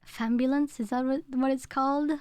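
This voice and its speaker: A woman's voice: high-pitched, fairly even intonation, normal speed, a little mellow, clean tone, no echo, studio quality. A young woman, chatting casually with her stream chat, rambling and laughing as she goes. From England.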